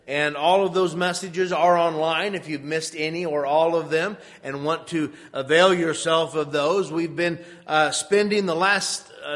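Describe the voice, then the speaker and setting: Male pastor with an unhurried, measured delivery, recorded with long echo in a sanctuary. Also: high-pitched, fairly bright tone. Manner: measured, deliberate scripture reading that turns conversational. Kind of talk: sermon. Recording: long reverb of a church hall.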